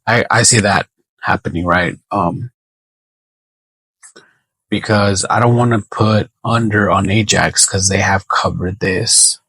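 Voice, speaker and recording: A man talks through his betting picks in a slow, unhurried way, with a gravelly, husky voice. He thinks aloud, hesitates and corrects himself often. The sound is dry and close. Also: lowish voice, fairly bright tone, no room sound, rough recording. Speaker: sports betting predictor. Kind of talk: casual solo prediction talk.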